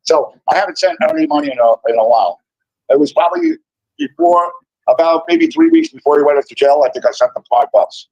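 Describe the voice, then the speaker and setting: An older man with a New York accent, a guest on a livestream chat, excitable and repeating himself as he insists he is honest. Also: on the high side, fast, gravelly, no room sound, highs cut off.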